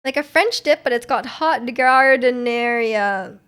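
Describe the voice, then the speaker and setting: High-voiced giggly woman streamer. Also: measured pace, fairly bright tone, clean tone. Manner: chatty and giggly, with frequent laughs and filler words. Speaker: livestream host. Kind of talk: casual chat reading viewer messages.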